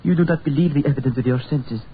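A man's voice: medium pitch, racing, natural voice. An actor playing a grave, brooding Frenchman in a 1940s radio drama, with a French accent. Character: grim French man Rene, stranded in the past. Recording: dull old radio recording, faint hiss.

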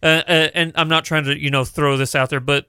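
A man's voice: a little high, level tone, brisk, bright, forceful tone, clear, resonant tone, no echo, studio quality. A man co-hosting a podcast in casual chat, easygoing, with short agreeing replies. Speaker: podcast co-host.

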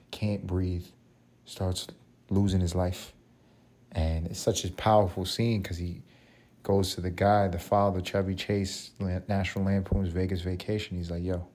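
A man with a low voice hosts a solo podcast, talking casually. His tone is dark and mellow. He rambles through stories with plenty of swearing and jokes. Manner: rambling, profane, jokey storytelling. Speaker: podcast host.

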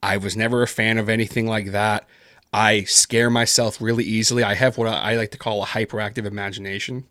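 A man's voice: fairly low pitch, little pitch movement, a little fast, a bit bright, dry recording, clean studio sound. A man talking casually in an interview, rambling with lots of fillers and self-deprecating asides. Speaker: podcast guest, horror narrator.

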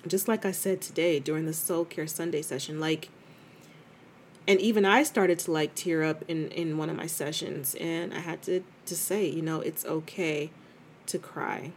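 A middle-aged woman hosting a casual, confessional talk in a lowish voice. She speaks candidly and conversationally, calling her listener "girl". A faint hiss of background noise sits under her voice. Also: steady tone, normal speed.

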